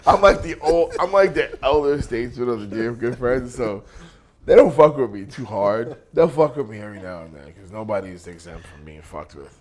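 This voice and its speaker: Expressive, a little quick and somewhat mellow, this mid-range male voice belongs to a middle-aged pro wrestler sharing a crude road story in an interview. He curses nonstop and laughs throughout the casual anecdote.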